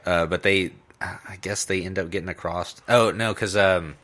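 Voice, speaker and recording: A young man with a low pitch and a bright, edged tone walks through a plot recap in easygoing casual chat. He fills his retelling with ums and likes. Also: steady tone, normal speed. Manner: easygoing, filler-heavy retelling. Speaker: podcast co-host.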